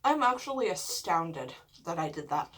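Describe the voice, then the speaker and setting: A woman vlogger telling a story casually while eating, chatty and full of "like", swearing often and dropping into hushed whispers at dramatic moments. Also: lowish voice, big pitch swings, normal speed, a little hiss or hum. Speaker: mukbang vlogger.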